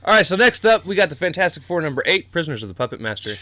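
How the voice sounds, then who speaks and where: A man's voice: on the high side, sing-song, racing, bright, forceful tone. A man co-hosting a podcast, casually recapping comic book plots with frequent ums and swearing. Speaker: podcast co-host.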